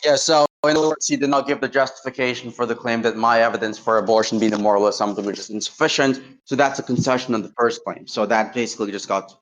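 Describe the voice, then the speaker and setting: Here is a man arguing in an online voice-chat debate at a rapid clip, his voice sitting at an ordinary middle pitch. He is combative and profane, mocking his opponent, yet he keeps walking through his points one at a time. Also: fairly even intonation, fairly bright tone. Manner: combative, profane trash talk; lays out points step by step.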